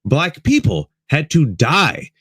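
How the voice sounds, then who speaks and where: This political show host speaks slowly in a fairly high, fairly bright voice with a breathy edge, very animated throughout. He talks passionately and often calls listeners "folks." The studio sound is clean with no echo.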